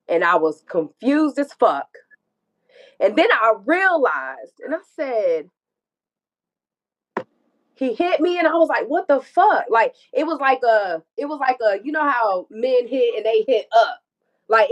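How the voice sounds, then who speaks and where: A woman's voice: fairly high pitch, muffled recording. A woman telling an emotional personal story, acting out dialogue and swearing freely. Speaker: guest telling her story.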